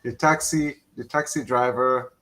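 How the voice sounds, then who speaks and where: A man calling into a livestream, speaking in a halting, hesitant way. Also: mid-range voice, fairly even intonation, fairly bright tone, poor audio. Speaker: caller. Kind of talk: casual chat.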